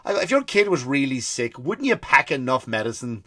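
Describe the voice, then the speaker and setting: A man's voice: mid-range voice, brisk. Irish guy ranting comedy podcast style, swears a lot, does little voices for people in his story. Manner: animated storytelling, acts out quoted people, swears freely. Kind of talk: comic rant.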